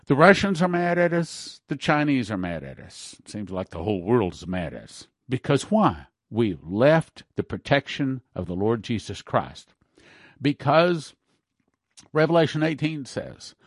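A man's voice: medium pitch, big pitch swings, measured pace, dry recording, clean studio sound. A man hosting a prophecy broadcast, preaching fervently and hammering his points with repeated words. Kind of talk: preaching talk with ad reads.

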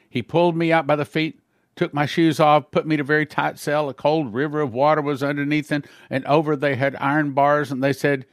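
A slightly high-voiced man speaks briskly in a level tone, delivering an earnest sermon testimony. He relates his story plainly, slipping slightly here and there, and changes voices to act out what others said. The recording is dry and studio quality.

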